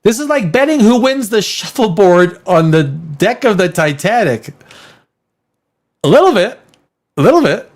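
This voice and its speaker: A male host on a live movie stream who reads out chat comments, swears freely and laughs a lot. His voice sits somewhat high for a man, and his pitch leaps all over the place as he riffs. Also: very animated, a little slow, long pauses. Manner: crude, rambling, laughs often, reacts to chat.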